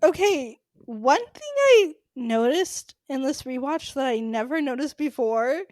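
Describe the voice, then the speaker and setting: Female co-host, high-pitched, dry close sound, lively and exasperated in casual chat. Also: unhurried, dry recording. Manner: animated, laughs often, exasperated rants. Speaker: podcast co-host.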